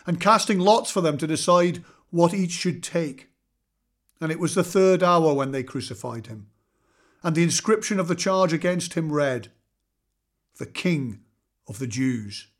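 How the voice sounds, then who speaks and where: A man reading scripture aloud in a measured, solemn way, slowing for weight. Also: on the high side. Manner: measured, solemn reading with slow dramatic pauses. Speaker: scripture reader.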